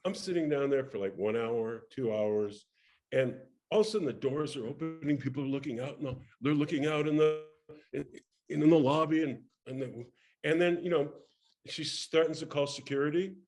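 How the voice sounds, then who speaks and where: A man's voice: fairly high pitch, moderate pace. An older man, a guest in an interview, telling a career anecdote with energy and acting out the people he quotes, with frequent restarts. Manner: lively storyteller, acts out quoted voices, many restarts. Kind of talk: animated anecdote in casual interview.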